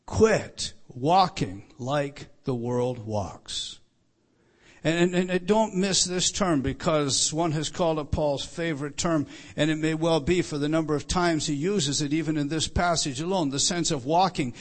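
Earnest preacher man, higher voice. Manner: earnest, with frequent repeated words and emphatic slowing. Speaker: pastor. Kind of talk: sermon.

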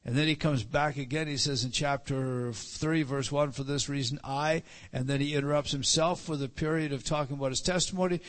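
A man's voice: on the high side, steady tone, brisk, few pauses, a bit bright. A man preaching a Bible teaching sermon, with frequent restarts and repeated words, rising for emphasis on key phrases.

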